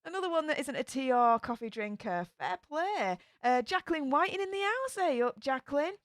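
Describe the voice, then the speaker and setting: A woman's voice: high-pitched, sing-song, a little fast, a bit bright, no echo, clean studio sound. A young woman with a Yorkshire accent chatting casually on a live stream, greeting viewers by name. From England.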